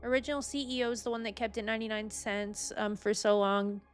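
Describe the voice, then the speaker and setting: A woman's voice: medium pitch, fast talker, faint music behind. A woman streaming a game in casual chat, ranting with lots of swearing and breaking into shrieks. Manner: excitable, profane, ranting; bursts into shrieks.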